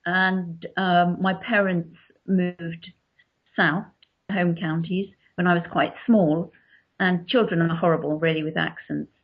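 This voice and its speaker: A woman from England with a southern English accent, an author answering interview questions in a measured, explanatory way. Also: fairly low pitch, fairly even intonation, husky. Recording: dull lo-fi recording.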